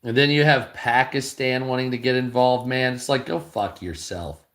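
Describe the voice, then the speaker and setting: A man's voice: medium pitch, moderate pace, fairly bright tone. A tired man giving blunt, heavily profane reaction commentary while reading news headlines aloud. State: tired, low energy.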